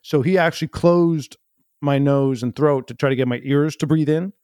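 A man telling a long, earnest story, rambling and halting with many restarts. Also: fairly high pitch, a little mellow, clear, resonant tone, no echo, clean studio sound. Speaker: guest. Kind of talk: improv comedy storytelling.

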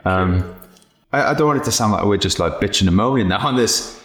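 A man's voice: lowish voice, expressive, a little fast, a bit bright, reverberant. A man hosting a podcast, chatting casually, joking, swearing freely and telling anecdotes. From Wales. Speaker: podcast host.

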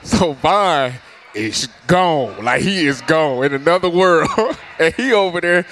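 A man's voice: on the high side, animated, measured pace, a bit bright, a little hiss or hum. A man in his thirties, a former player, telling stories in casual slang and often laughing as he talks. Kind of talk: casual sports chat.

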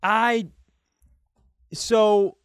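Smooth-voiced man with faint Southern traces. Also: high-pitched, steady tone, extremely slow, no room sound, studio quality. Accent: faint Southern US, mostly trained out. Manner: rambling, loses his words, self-mocking. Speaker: podcast co-host. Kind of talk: casual comedic chat.

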